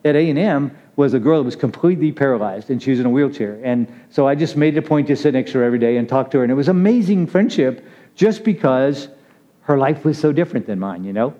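A man's voice: medium pitch, animated, fast talker, mellow. A man giving a casual, conversational sermon, chatty and laughing as he calls on listeners by name. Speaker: preacher. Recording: muffled lo-fi recording.

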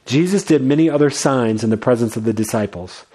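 A man preaching a sermon as a pastor, earnest, often repeating his words and moving between lively and quiet passages. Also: medium pitch, brisk.

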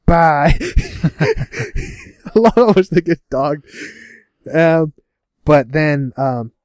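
A man casually recapping a TV episode with a co-host, laughing often and putting on quick voices for the characters. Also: fairly high pitch, huge pitch swings, a little mellow, no room sound, studio quality. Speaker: podcast co-host.

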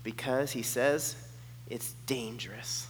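A man voicing a soft-spoken young woman student who interprets for him, speaking in a hushed, matter-of-fact way. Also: fairly high pitch, fast talker, slight background noise, close to an everyday voice. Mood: hushed, earnest. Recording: long hall reverb.

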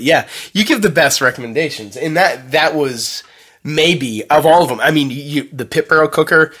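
A man's voice: a little high, normal speed, slightly rough. A man in his thirties, a podcast co-host, telling stories in casual chat, swearing freely and laughing often. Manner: profane, excitable storyteller, laughs often.

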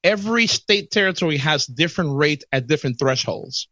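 A man with a fairly high voice co-hosts a podcast, asking curious, joking follow-up questions. The audio is dry, with no room around it, and sounds dull and muffled. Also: lively intonation, a little fast, bright, forceful tone, dry recording. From Puerto Rico. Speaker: podcast co-host. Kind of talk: casual podcast chat.

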